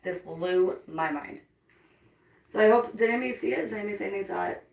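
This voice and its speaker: An excitable woman hosts a live ghost-hunting stream, her words tumbling and repeating as she gets carried away. She sits well back from the mic, and the basement around her rings with echo. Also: medium pitch, fast, vocal fry. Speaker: paranormal investigator livestream host. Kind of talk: casual live-stream chat. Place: indoors, basement with a pool table. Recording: roomy, distant from the mic.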